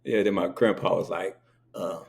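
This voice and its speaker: A man's voice: on the low side, lively intonation, normal speed, vocal fry. A man hosting an interview in casual chat, telling stories animatedly and acting out the quotes. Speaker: interview host.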